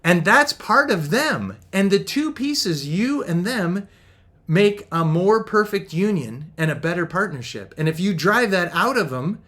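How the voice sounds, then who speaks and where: A middle-aged man coaching couples on faith and marriage, his voice riding notably high for a man. He talks with bouncy, upbeat energy and slips into quick little voices for the people he quotes. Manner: energetic and upbeat, laughs often. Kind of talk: motivational talk.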